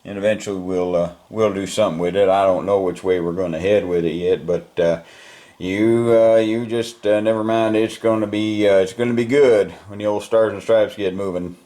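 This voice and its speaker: A man's voice: on the low side, little pitch movement, normal speed, warm tone, lightly acted. A man voicing an easygoing American general with a put-on Texan drawl, rambling and folksy.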